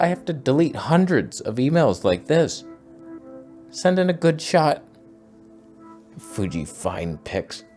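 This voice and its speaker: A man's voice: medium pitch, dark tone. A man hosting a comedic photo critique, ranting sarcastically and hurling insults with exasperation. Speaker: photography video host.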